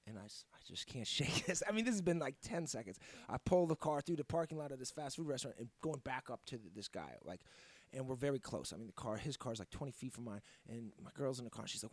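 A man hosting a podcast, telling a story in a casual, profane, animated way. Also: medium pitch, quick pace, no echo. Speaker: podcast host.

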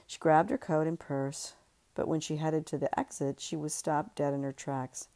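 Woman, author reading her novel, deep low voice, measured, steady narration. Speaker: author and podcast host.

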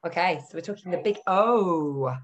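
A woman's voice: lowish voice, music in the background. A woman from England co-hosting a podcast, chatting casually and laughing easily. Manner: chatty and giggly, quick to laugh. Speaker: podcast co-host.

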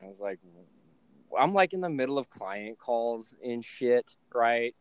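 A man hosting a casual podcast, telling stories in an animated, profane way. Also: high voice, normal speed, clean tone, dry recording. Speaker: podcast host and trading coach.

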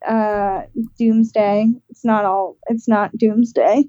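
A woman's voice: medium pitch, fairly even intonation, slow, dark tone, dull audio, a little hiss or hum. A woman podcast co-host in candid casual chat, speaking thoughtfully with hesitations and fillers.

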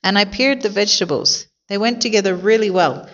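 A woman's voice: mid-range voice, brisk, muffled recording, voice pushed up, close to an everyday voice. A woman voicing a cheerful, literal-minded housekeeper with folksy, plain-spoken talk in a storybook. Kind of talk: storybook character voice.

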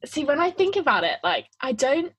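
A woman's voice: sits high, very animated, moderate pace, a bit bright, no room sound. A young woman from the UK, a guest on a casual podcast interview who talks in a bubbly, giggly way with lots of "like". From United Kingdom.

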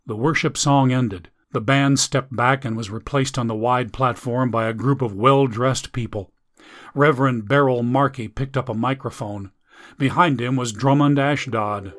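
A man narrating a novel in a measured storytelling manner. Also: mid-range voice, steady tone, fairly bright tone. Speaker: audiobook narrator. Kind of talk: scripted narration.

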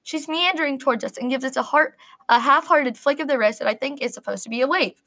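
Woman story narrator, earnest and expressive, fairly high voice. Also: quick pace. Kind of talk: first-person story reading.

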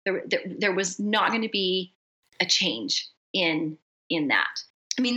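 Middle-aged woman, podcast guest; bright and ringing, animated storyteller who acts out the dialogue. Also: mid-range voice, poor audio. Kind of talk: casual conversation.

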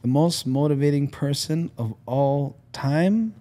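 A man's voice: on the high side, a little slow. A man, a comedian guest chatting casually on a podcast and slipping into voices. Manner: animated, jumps into impressions.

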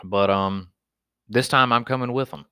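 A man's voice: mid-range voice, normal speed, clean tone, dry recording, studio quality. A man from Alabama with a Southern accent, telling stories in a casual, profane monologue as a podcast host and stand-up comic. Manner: profane, animated storyteller.

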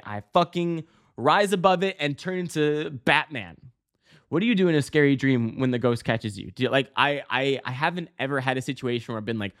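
Guy on his podcast rambling thru a story, tons of ums and restarts, cussing, mid voice, yelps way up high sometimes. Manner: rambling, many fillers and restarts, swearing; bursts into loud high-pitched exclamations when acting out scenes. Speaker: podcast host. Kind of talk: casual storytelling monologue.

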